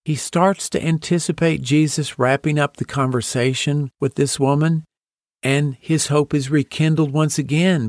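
Slow, reflective man teaching the Bible. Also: a little high, darkish tone, no room sound, studio quality. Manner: reflective, asks the listener to imagine the scene. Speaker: podcast host teaching the Bible. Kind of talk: devotional podcast teaching.

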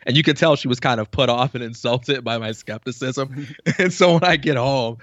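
A New York man, a podcast guest, tells stories about his career in a casual interview, animatedly acting out the voices of people he quotes. His voice is mid-range and fairly quick. The recording is muffled with no echo.

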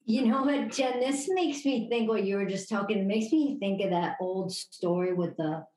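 A woman co-hosting a casual podcast chat, rambling and upbeat with halting restarts. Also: medium pitch, warm tone. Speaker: podcast co-host. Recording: echoey room.

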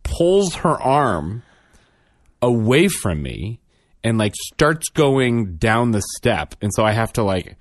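A man's voice: medium pitch, very animated, slow, dry recording, clean studio sound. A man in his thirties, a father and podcast co-host, telling a funny story in casual chat and acting out the quotes with self-deprecating humor.

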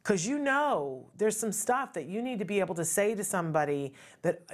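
A middle-aged woman hosting a talk show, speaking earnestly and conversationally and often checking in with "right?". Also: lowish voice. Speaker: host. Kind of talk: casual talk show monologue.

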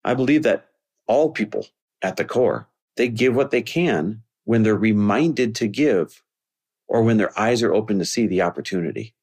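A man hosting a podcast, telling a personal story in an earnest monologue that rises to an impassioned pitch when he makes his point. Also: lively intonation, moderate pace, a little mellow, breathy edge. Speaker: podcast host.

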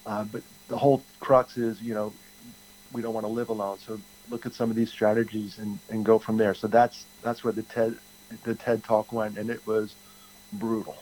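A man's voice: fairly low pitch, flat delivery, moderate pace, darkish tone, a little hiss or hum, poor audio. A man in his fifties answering interview questions candidly, rambling and restarting his sentences often. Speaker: guest, TED speaker.

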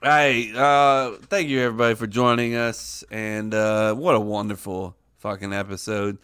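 A man's voice: lowish voice, level tone, moderate pace, a bit bright, clear, resonant tone, dry recording, clean studio sound. A man hosting a podcast, chatting casually with heavy swearing and teasing. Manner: profane, teasing. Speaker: podcast host.

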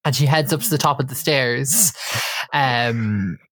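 Woman host, low voice, dry close sound, chatty recap storyteller. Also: measured pace, no echo. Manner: animated storyteller, acts out quotes. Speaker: podcast host recapping a reality show. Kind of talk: casual chat.

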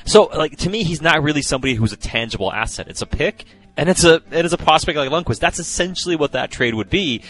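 A man co-hosting a casual podcast chat, talkative and quick to laugh. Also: fairly high pitch, faint music behind. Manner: laughs often, chatty, lively. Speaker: podcast co-host, hockey analyst.

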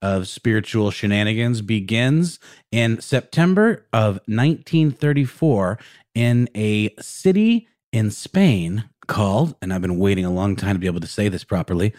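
A man's voice: fairly low pitch, expressive, moderate pace, a little mellow, no room sound, clean studio sound. A man co-hosting a podcast, telling a story in casual chat with lots of fillers and restarts. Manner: rambling, many fillers and restarts. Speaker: podcast co-host.

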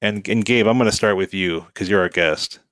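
A man with a low voice hosts a podcast conversation, hedging and circling around his points. The sound is dry and close, with no room tone. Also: fairly quick, fairly bright tone, dry recording. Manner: rambling, hedging, frequent fillers. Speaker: podcast host. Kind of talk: casual podcast chat.

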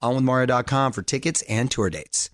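A middle-aged man hosting a radio show in an upbeat, jokey way, reading quick promos and chatting with his co-host. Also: mid-range voice, background noise. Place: dry radio studio. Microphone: studio mic.

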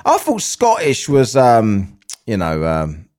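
A man's voice: mid-range voice, wildly swooping pitch, takes it slowly, a little mellow. Sweary man hosting a podcast. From England. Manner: sweary, banter-filled, laughs at his own jokes. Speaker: podcast host. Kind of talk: casual chat, reading a news article aloud.

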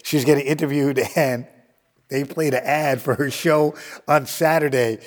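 A man's voice: fairly high pitch, steady tone, measured pace, in a large hall. A man telling a story in a casual interview, acting out quotes, laughing often and swearing freely. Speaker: guest storyteller.

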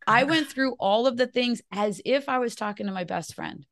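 A woman's voice: a little high, expressive, moderate pace, few pauses, fairly bright tone. A woman host in casual conversation, earnestly telling a personal story.

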